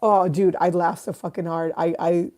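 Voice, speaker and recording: A woman's voice: fairly low pitch, flat delivery, normal speed, a little mellow. A woman in her thirties hosting a casual livestream, rambling, swearing freely and reading out chat comments. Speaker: livestream host.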